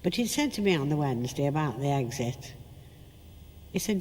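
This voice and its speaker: Older woman, animated storyteller, echoey room tone. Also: sits low, fairly quick, pauses often, a little hiss or hum. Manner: lively storytelling, acts out quotes. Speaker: interviewee, actress. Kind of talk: reminiscing interview.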